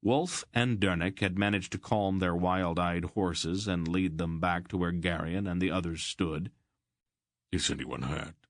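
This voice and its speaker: A man with a low voice narrates a fantasy audiobook. He carries the action at a steady, measured pace. The recording is dry and close, with no room echo.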